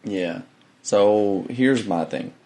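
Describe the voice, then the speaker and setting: A man's voice: on the low side, very slow, warm tone. A young man co-hosting a casual podcast, laid-back, with short agreeing replies and slang. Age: young adult. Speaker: podcast co-host. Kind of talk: casual chat.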